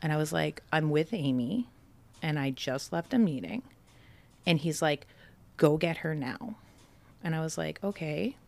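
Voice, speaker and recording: Gravelly-voiced woman telling her story. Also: low-pitched, animated, unhurried, pauses often, a little mellow. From Brockton, Massachusetts. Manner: casual, fillers "like" often, quotes people in her story. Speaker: podcast guest. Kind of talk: personal story in a podcast interview.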